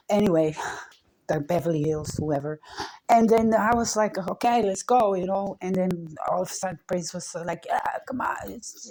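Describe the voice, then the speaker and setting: A woman podcaster in a rambling monologue, laughing often and swinging between low murmurs and loud excited bursts. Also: breathy edge, rough recording.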